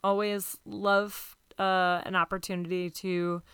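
A woman's voice: mid-range voice, little pitch movement, takes it slowly, fairly bright tone, clear, resonant tone. A woman in an improvised comedy scene, talking in a hesitant, politely evasive way.

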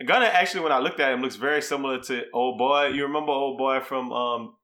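Young male podcast co-host, bright voice, loose joking delivery, rambling tales. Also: medium pitch, fast talker. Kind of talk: casual chat.

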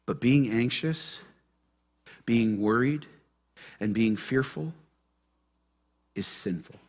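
A man preaching a sermon to his church, asking the congregation questions and shifting between loud emphasis and soft, gentle asides. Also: mid-range voice, slow. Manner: animated, asks the congregation questions. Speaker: pastor.

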